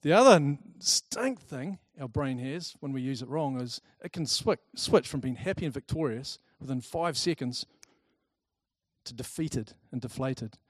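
A man giving a talk to a live audience, lively and chatty, telling personal stories and acting out the people in them. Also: mid-range voice, unhurried, husky, no room sound, clean studio sound. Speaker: speaker presenting to a group.

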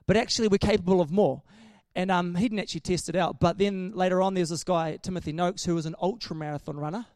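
A man's voice: high voice, steady tone, fast, few pauses, darkish tone, no echo, clean studio sound. A man preaching a casual sermon in a chatty, joking way, often restarting his sentences.

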